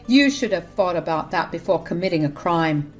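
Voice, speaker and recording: A woman's voice: on the low side, expressive, normal speed, faint music behind, lightly acted. A woman voicing an adult son who scolds his mother in an exasperated tone. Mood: angry.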